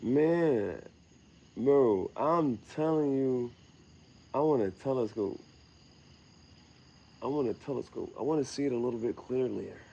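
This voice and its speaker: A man's voice: mid-range voice, unhurried, creaky, long pauses, mellow, dull audio. A young man rambling casually outdoors at night, slangy and meandering, laughing at his own words. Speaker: vlogger. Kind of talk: rambling late-night monologue.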